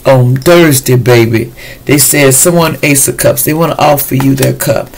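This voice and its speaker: A man's voice: medium pitch, normal speed, vocal fry, slight background noise, low-quality recording. A man giving a casual weekly tarot reading, chatty and slangy, talking straight to his viewers. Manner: chatty, loose and slangy, addresses viewers directly. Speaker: tarot reader.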